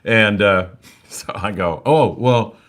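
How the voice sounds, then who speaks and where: Older joking live-show host. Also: male voice, fairly low pitch, slow pace, a bit bright. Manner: joking, reads viewer comments aloud. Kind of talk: casual live-stream chat.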